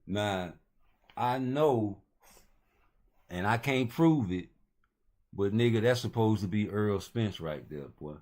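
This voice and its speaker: Deep-voiced man rambling about boxing. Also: animated, slow, long pauses, a little mellow. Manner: loose, rambling street talk with heavy slang. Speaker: host. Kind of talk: casual boxing commentary.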